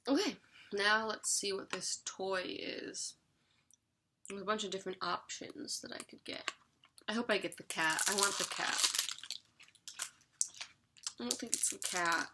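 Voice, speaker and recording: A woman's voice: mid-range voice, unhurried, long pauses, noisy background. A young woman vlogging an unboxing in a chatty, giggly way, sometimes talking while she eats. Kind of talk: casual unboxing chat.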